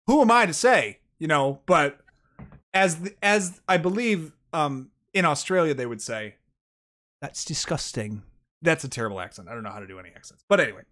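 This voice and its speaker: A man hosting a streaming talk show, chatting casually and teasing his guest with jokes. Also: fairly quick. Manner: joking, teasing, lively pitch swings. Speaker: stream host. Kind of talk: casual chat.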